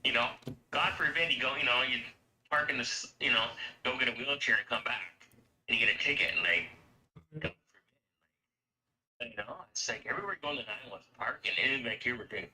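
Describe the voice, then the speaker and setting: A man's voice: medium pitch, a little fast, long pauses, pushed and bright, poor audio. A man from Canada chatting casually, rambling and swearing as he rants about everyday costs. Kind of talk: casual chat.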